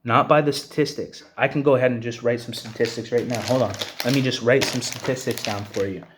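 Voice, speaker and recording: A man's voice: medium pitch, steady tone, a little fast, noisy background. An angry young man from Canada, ranting bluntly and profanely to the camera and tossing in "bro" and "you know what I'm saying". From Hamilton, Ontario, Canada. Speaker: vlogger. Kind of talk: angry personal rant to camera.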